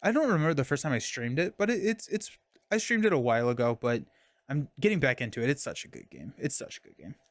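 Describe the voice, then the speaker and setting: A man's voice: medium pitch, big pitch swings, quick pace, no echo. A young man casually streaming a card game, talking through his moves and chatting with viewers. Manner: chatty, reads chat and thanks viewers mid-game.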